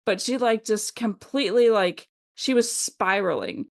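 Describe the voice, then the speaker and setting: A woman's voice: fairly high pitch, measured pace, creaky. Chatty middle-aged woman podcast co-host. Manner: chatty, rambling, laughs often, many fillers. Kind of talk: casual chat.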